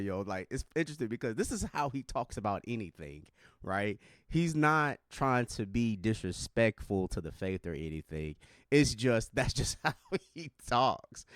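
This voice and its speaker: A man's voice: mid-range voice, no echo, clean studio sound. A man commenting on video clips in a casual, conversational way, full of slang and filler words.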